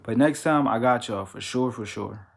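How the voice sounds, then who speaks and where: A man chatting casually in a vlog, using loose slang and sounding hurried. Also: medium pitch, vocal fry. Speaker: vlogger.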